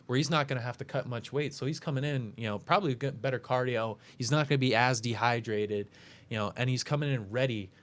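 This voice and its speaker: A man's voice: mid-range voice, fast talker, fairly bright tone. A man hosting a casual talk show, breaking down upcoming fights with lots of fillers and self-corrections. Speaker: podcast host making fight picks.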